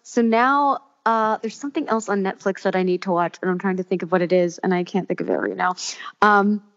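A woman's voice: medium pitch, brisk, muffled recording. A woman co-hosting a podcast in casual chat, rambling with fillers and restarts. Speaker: podcast co-host.

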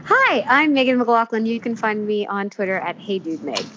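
Chatty higher-voiced woman on a podcast. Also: sing-song, moderate pace, bright, forceful tone, dull audio, slight background noise. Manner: chatty, gossipy, giggly. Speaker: podcast co-host. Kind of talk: casual chat.

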